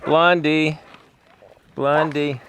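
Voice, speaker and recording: A man's voice: a little high, flat delivery, drawn-out words. An older man who rescues animals, talking affectionately and coaxingly to dogs as he hands out treats. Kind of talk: casual talk to rescued dogs. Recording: noisy outdoor recording.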